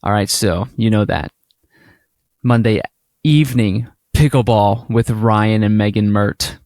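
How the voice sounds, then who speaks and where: A man's voice: fairly low pitch, measured pace, no room sound, clean studio sound. A man co-hosting a casual podcast, telling stories with animation and acting out little imagined exchanges. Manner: animated storytelling, acts out quoted exchanges. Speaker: podcast co-host.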